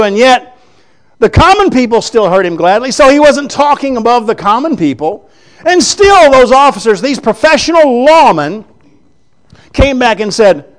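A man preaching a sermon, quoting scripture and speaking in an emphatic, conversational way. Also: extremely high pitch.

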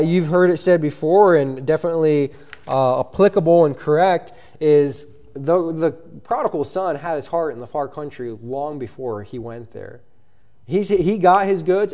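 A man preaches a sermon, reading verses in old-fashioned scripture wording and explaining them earnestly. His voice is mellow and dark in tone, sitting slightly high for a man.

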